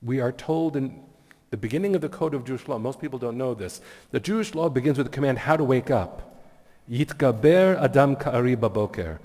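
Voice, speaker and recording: A man's voice: medium pitch, fast talker, hardly any pauses, a little mellow. Earnest man speaking in an echoey hall. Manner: heartfelt, earnest storytelling. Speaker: guest speaker at a community meeting. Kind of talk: inspirational speech with personal stories. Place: community event hall.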